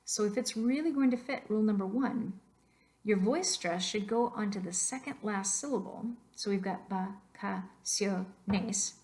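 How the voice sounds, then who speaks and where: This woman, a Spanish teacher, speaks at a moderate pace in a medium, somewhat dark voice while narrating a slideshow lesson. Her explanations are patient, and she pronounces example words to show how they're stressed.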